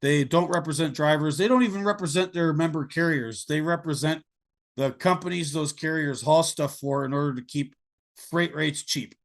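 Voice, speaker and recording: At a normal speed and a somewhat high pitch, this Canadian podcast host conducts a conversational interview, talking bluntly and with strong opinions.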